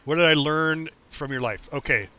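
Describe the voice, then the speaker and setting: A man's voice: a little high, moderate pace, bright, forceful tone. A middle-aged American man chatting casually while streaming a game, easygoing, laughing often and rambling with restarts; recorded with dull, dry sound. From United States. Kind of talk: casual chat while gaming.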